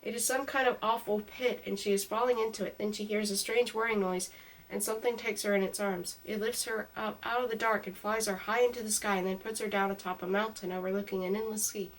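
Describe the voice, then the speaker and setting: A woman reading a storybook aloud in a calm, even way, her mic a little distant. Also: mid-range voice, fairly quick.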